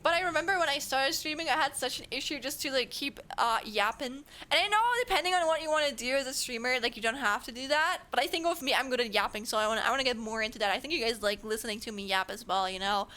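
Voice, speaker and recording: A woman's voice: sits high, quick pace, few pauses, pushed and bright. A young woman from Germany with a German accent, chatting casually with her stream viewers, giggling and rambling with lots of fillers. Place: home streaming setup.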